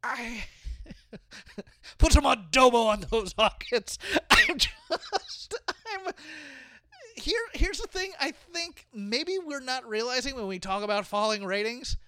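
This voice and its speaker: Excitable laughing man on a podcast. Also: extremely high pitch, slow pace. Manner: excitable, laughs a lot, riffing. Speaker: podcast co-host. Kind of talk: casual chat.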